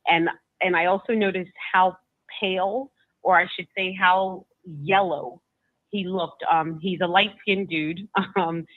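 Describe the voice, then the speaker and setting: Halting woman on a tinny phone line. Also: fairly low pitch, steady tone, dry recording. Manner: halting, with frequent restarts and repeated words. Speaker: guest recounting a personal story. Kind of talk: emotional first-person storytelling.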